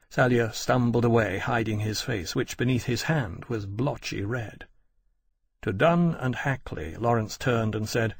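A man narrating an audiobook in an even, measured storytelling way. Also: medium pitch, gravelly, slightly rough, dry recording. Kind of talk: scripted narration.

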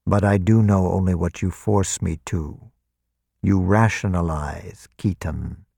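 A man's voice: deep voice, fairly even intonation, gravelly, breathy edge, dry recording, studio quality, exaggerated voice. A man voicing a cold, clinical vampire commander. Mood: lecturing. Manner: measured, clinical and quietly menacing.

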